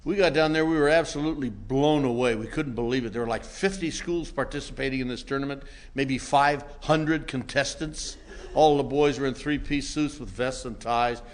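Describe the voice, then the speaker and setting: An older man telling a self-mocking story to a meeting audience in a wry, comic way that builds into shouting. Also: mid-range voice, normal speed. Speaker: recovery meeting speaker.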